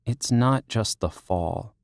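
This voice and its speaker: A man's voice: fairly low pitch, creaky, darkish tone, no room sound. A man reading an audiobook, voicing an anxious young female teacher who is flustered, self-deprecating and close to tears. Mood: embarrassed. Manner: teary, self-deprecating, rushed. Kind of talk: audiobook character voice.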